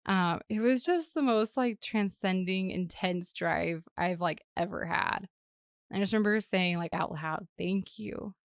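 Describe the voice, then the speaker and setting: A woman's voice: fairly low pitch, a little slow, smooth, dry recording, clean studio sound. A woman hosting a podcast, telling a personal story in a reflective, emotional way, with many "like" fillers. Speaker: podcast host and parent.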